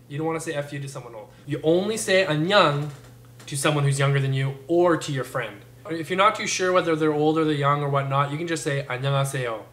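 A young man with a fairly high voice rattles through a casual, jokey lesson at a fast clip. He plays up his mouth movements for effect. The sound bounces around an echoey room. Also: a bit bright. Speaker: language teacher.

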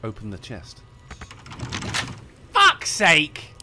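A man's voice: on the high side, huge pitch swings, extremely slow, pushed and bright, faint music behind. A man streaming a video game, rambling, swearing and mocking himself as he plays. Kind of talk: let's play commentary.

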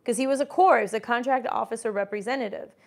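A woman in her forties, a business coach, hosts a casual livestream, delivering emphatic motivational talk and reading chat comments aloud. Her voice is fairly high, fast, and gravelly, and she mimics doubters in mocking voices.

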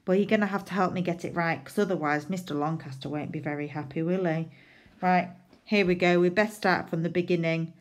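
A woman's voice: fairly low pitch, fairly even intonation, a little fast. A woman teaching a phonics lesson to young children, sounding out letters and playfully pretending to make mistakes. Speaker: primary school teacher.

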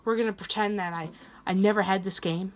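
A young woman hosting a gaming channel, commenting on her own online match and quick to rage, swearing and yelling at other players. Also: mid-range voice, steady tone. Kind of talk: live gameplay commentary.

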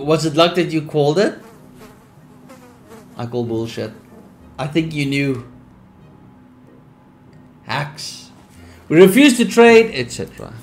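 A young streamer with a slightly high voice casually comments on a survival game and reads its text aloud. He's laid-back and sleepy, then suddenly bursts with excitement.

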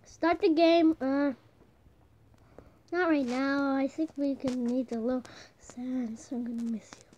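Excitable young woman yelling at a game. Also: sits high, unhurried, long pauses, slight background noise. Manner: excitable, shouting and swearing at the game. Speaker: gamer. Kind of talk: casual gameplay commentary.

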